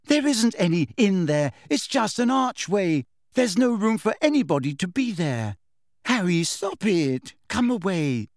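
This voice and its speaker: A man voicing an anxious, insistent teenage girl in a high-pitched, strained voice. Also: sing-song, measured pace, hardly any pauses, dry recording, studio quality, exaggerated voice. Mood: angry, strained.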